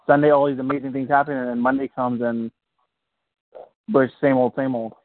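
A man's voice: medium pitch, flat delivery, fairly quick, no room sound. A man taking part in a Bible study. He talks in a casual, rambling, reflective way. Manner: rambling, loose and conversational. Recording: dry, tinny phone line.

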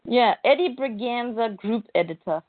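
A woman's voice: fairly high pitch, lively intonation, moderate pace, no room sound. A woman co-hosting a comic podcast, chatting casually and tossing in dry asides. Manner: dry asides, laughs along. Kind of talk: casual chat. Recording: dry tinny phone-like sound.

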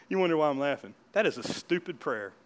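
A man pastor giving a lively, conversational sermon, laughing often and building to emphatic points. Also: a little high.

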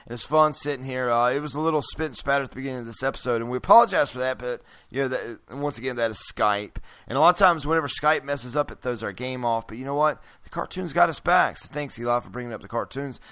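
A man hosting a casual podcast, animated and joking. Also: medium pitch, clear, resonant tone, dry recording. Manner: animated, joking, chants nonsense syllables. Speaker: podcast host.

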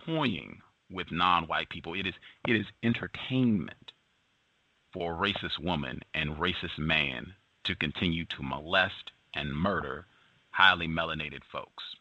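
A man hosting a radio show, reading the news and commenting with emphasis, repeating his points slowly. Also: low-pitched, pushed and bright, dry recording, lo-fi sound.

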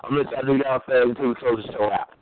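A man's voice: medium pitch, fairly even intonation, racing, no echo. A man bantering and teasing in a casual interview, joking about himself. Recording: tinny phone line.

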